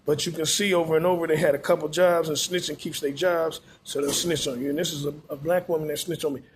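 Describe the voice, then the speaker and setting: A man's voice: fairly high pitch, fairly even intonation, quick pace, slight background noise. A man, delivering a rambling, profane, preachy monologue full of repetition.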